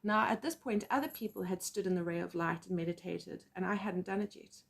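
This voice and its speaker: A woman with a South African accent telling personal stories as a psychic medium, animated and acting out quotes. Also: lowish voice, a little fast, creaky, breathy edge. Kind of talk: casual storytelling vlog.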